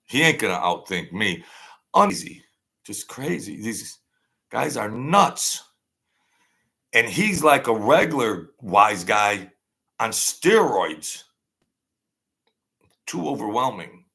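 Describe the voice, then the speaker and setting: Older male host, gravelly and forceful, blunt and wary in a casual monologue. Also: fairly low pitch, big pitch swings, slow, pauses often. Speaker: channel host. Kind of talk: rambling casual storytelling.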